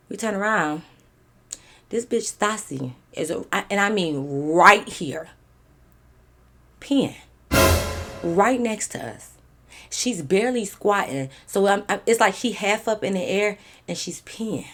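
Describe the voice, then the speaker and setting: A woman's voice: medium pitch, a little slow, pauses often. A young woman, telling a storytime vlog casually and animatedly, with lots of swearing and fillers. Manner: animated, profane, conversational with many fillers. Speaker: storytime vlogger.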